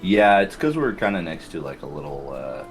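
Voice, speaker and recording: A man's voice: rumbling low, very animated, moderate pace, faint music behind. A young man co-hosting a casual gaming chat, rambling and laughing often. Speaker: co-host, gamer.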